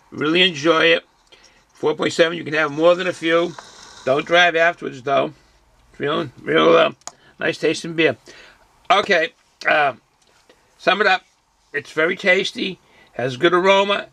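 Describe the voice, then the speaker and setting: Gravelly bright-voiced guy rambling through a beer review, lots of ums. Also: fairly high pitch. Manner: relaxed, rambling, many fillers; chews and hums while eating. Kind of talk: casual beer review vlog.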